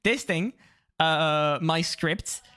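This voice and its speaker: A man's voice: fairly high pitch, extremely slow, sharp tone, smooth. A young man from France with a French accent, chatting casually on a live stream in English. He rambles and mocks himself, swears often and slips into silly put-on voices. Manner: rambling and self-mocking, with frequent swearing and fillers; jumps into mock voices mid-sentence.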